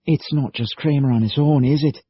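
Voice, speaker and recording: A man voicing an anxious young man in hiding, with tense, high, urgent questions. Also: moderate pace, husky, no echo, lo-fi sound, lightly acted. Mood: alarmed.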